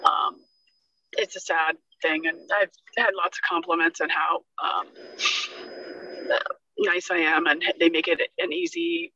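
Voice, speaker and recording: A woman vet, exhausted and soft-spoken, chatting gratefully over a video call from a parked car. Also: lowish voice, unhurried, dull audio. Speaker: veterinarian caller. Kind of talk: casual chat.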